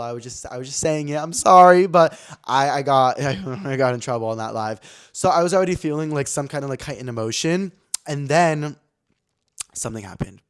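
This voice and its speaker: A man's voice: medium pitch, clean tone. A young man hosting his own podcast, telling stories in a chatty, slangy way with lots of fillers. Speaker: podcast host. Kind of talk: casual chat.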